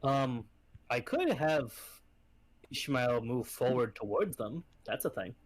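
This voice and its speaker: A man running a tabletop game as game master, easygoing and often pausing with fillers. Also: mid-range voice, lively intonation.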